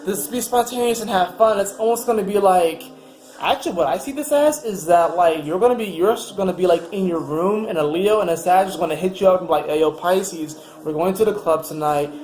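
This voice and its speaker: A man's voice: sits high, a little fast, a little mellow, roomy sound. A man giving a casual weekly astrology reading, rambling and upbeat with lots of fillers. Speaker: astrology reader.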